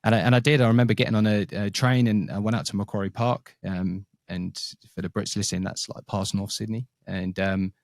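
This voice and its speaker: A man's voice: on the low side, fairly even intonation, fairly quick, vocal fry, few pauses, no echo, studio quality. A man who is a podcast guest, recounting his career in a rambling, anecdotal, casual way. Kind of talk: casual interview chat. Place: works in Sydney, Australia.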